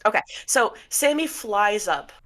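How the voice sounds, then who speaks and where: A woman's voice: mid-range voice, big pitch swings, measured pace, fairly bright tone. A woman narrating a tabletop role-playing game as game master, laughing often and breaking into character voices.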